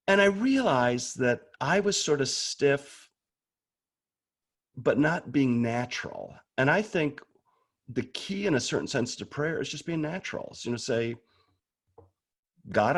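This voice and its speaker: A man's voice: medium pitch, big pitch swings, a little slow, fairly bright tone. A man talking casually and candidly about prayer, often restarting words as he goes. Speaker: guest speaker on prayer. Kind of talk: casual conversational talk.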